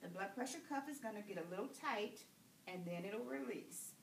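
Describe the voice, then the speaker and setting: A woman nursing instructor demonstrating a patient assessment, giving calm step-by-step instructions. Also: medium pitch, normal speed, vocal fry. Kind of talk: clinical skills demonstration. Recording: echoey room, far from the mic, noisy.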